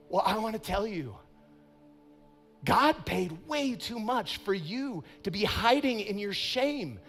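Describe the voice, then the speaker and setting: High, gravelly-voiced playful male preacher. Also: expressive, a little slow, a bit bright, faint music behind. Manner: playful, self-mocking, laughs often. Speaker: pastor. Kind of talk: sermon.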